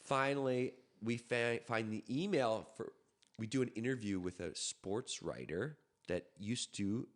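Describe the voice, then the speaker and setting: A man from Canada, a podcast guest, telling a story in a quick, animated way with frequent restarts. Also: medium pitch. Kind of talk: casual storytelling.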